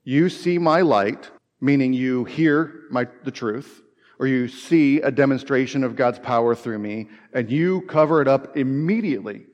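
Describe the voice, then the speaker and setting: A man's voice: mid-range voice, normal speed, a little mellow, highs cut off. A man preaching a sermon in a casual, conversational way, with humorous asides and repeated phrases. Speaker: pastor. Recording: long reverb.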